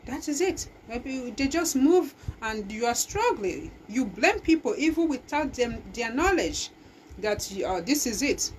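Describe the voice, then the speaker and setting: A woman's voice: a little high, sing-song, measured pace, a little hiss or hum, rough recording. Emphatic woman giving a pep talk. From Nigeria. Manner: emphatic, exhorting, with many restarts. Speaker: talk show host. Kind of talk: motivational talk.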